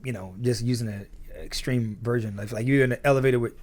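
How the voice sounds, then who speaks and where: A man talking as a guest in a casual conversation, animated and acting out scenes in different voices. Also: mid-range voice, quick pace.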